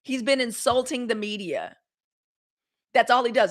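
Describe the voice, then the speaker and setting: Host: middle-aged woman, slightly higher voice, blunt and sarcastic live-stream commentary on the news. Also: moderate pace, long pauses. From United States. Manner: blunt, fiery and sarcastic, with swearing and colloquial talk.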